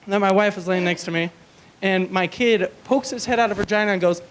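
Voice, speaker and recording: A young man with a notably high voice performs a stand-up comedy set on a small club stage, speaking into a handheld mic. His storytelling is crude and rambling, full of fillers. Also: fast, very noisy.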